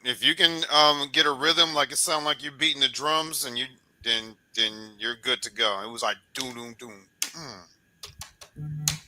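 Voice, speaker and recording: A man hosting a sports podcast interview, talking in a loose, encouraging, coach-like way and beating out rhythms with repeated boom sounds. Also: measured pace, sharp tone, a little hiss or hum, rough recording. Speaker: podcast host. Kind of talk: casual sports interview chat.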